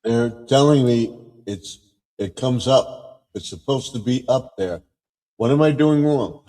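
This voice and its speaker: A man in casual live stream chat tells easygoing, rambling anecdotes and murmurs agreement in between. His voice has a mid pitch, and it rings with a long reverb, as if he is in a big, echoing space. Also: unhurried, warm tone.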